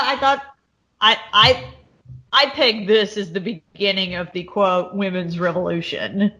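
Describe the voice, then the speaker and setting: A woman's voice: medium pitch, fairly bright tone. A woman co-hosting a podcast, talking casually in a rambling way with many restarts. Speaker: podcast co-host. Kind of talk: casual chat.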